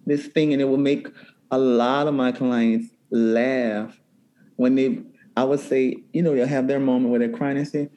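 A man from New Orleans speaks as a therapist guest in an interview. His voice sits mid-range with a mellow, dark tone. He talks in an animated, storytelling way and restarts his phrases often. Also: mid-range voice, moderate pace, poor audio. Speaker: therapist and cookbook author. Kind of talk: interview conversation.

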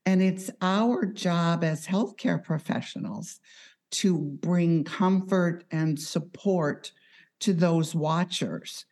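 A woman with a notably low voice talks slowly and deliberately. She works as an on-call hospice healthcare professional and tells stories from her work in a measured, reflective way. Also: darkish tone. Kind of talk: conversational storytelling.

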